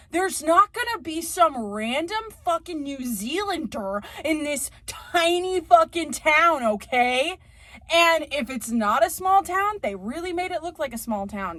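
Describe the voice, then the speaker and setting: A woman's voice: high voice, fairly bright tone, no room sound. A woman vlogger rambling through a casual, profane movie rant, laughing often.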